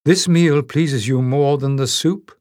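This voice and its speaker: A nervous woman host in a storybook, voiced by a man, chattering in a lifted, falsely bright tone. Her cheer sounds strained and thin. It is a close, dry recording. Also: fairly high pitch, unhurried, no echo, pitched above the performer's own voice, lightly acted. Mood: nervously cheerful.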